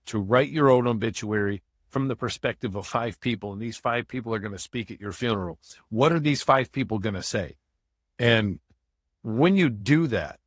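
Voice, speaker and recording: A man's voice: fairly low pitch, no echo, studio quality. A man from Michigan, a guest in a podcast interview, telling his life story in a candid, conversational way. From Michigan, USA. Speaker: guest, motivational speaker.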